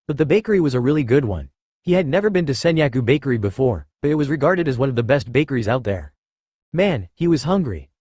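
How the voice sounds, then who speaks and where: A man reading a fan fiction story aloud as narrator in a steady, even storytelling manner. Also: medium pitch, dry recording, clean studio sound.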